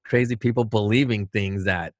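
A man's voice: on the low side, steady tone, moderate pace, no echo. Middle-aged man, talk co-host, emphatic and rhetorical, dry close sound. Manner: emphatic, rhetorical, repeats himself. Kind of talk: casual political talk.

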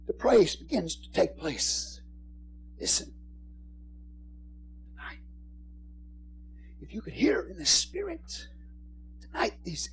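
A man preaching a sermon as a pastor, repeating phrases and swinging from hushed whispers to shouted crescendos. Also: very high voice, very animated, slow, creaky, pauses often, slight background noise.

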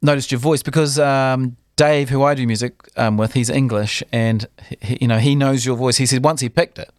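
A man hosting a casual interview, chatty and quick in the back-and-forth, often chiming in with short agreements. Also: mid-range voice, steady tone, no room sound, studio quality. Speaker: podcast host.

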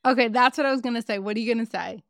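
A woman co-hosting a podcast, chatting in a casual and animated way and swearing freely as she recaps reality TV. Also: a little high, racing, creaky, no room sound, studio quality. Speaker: podcast co-host.

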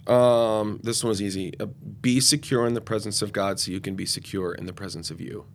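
An enthusiastic, loud man in his forties, talking off the cuff as a ministry guest in an interview. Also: on the low side, steady tone, fairly quick, slight background noise. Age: 40s. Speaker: guest youth and young adult ministry leader. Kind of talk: podcast interview conversation.

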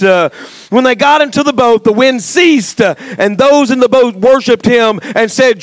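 High-voiced preacher, shouting and joking. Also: male voice, normal speed, some chatter behind. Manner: passionate, swings from quiet asides to shouted exhortation; folksy, joking asides. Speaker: pastor. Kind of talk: sermon. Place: church sanctuary.

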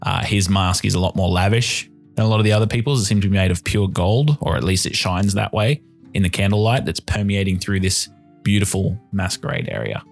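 A man running a tabletop game as game master, describing scenes in a relaxed way with casual fillers. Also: deep voice, a little fast, vocal fry, soft background music.

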